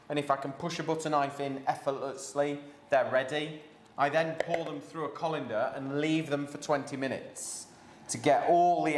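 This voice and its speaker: A man's voice: medium pitch, echoey room, slight background noise. A man hosting a live cooking class from his home kitchen, chatting and joking with his daughter while he explains each step.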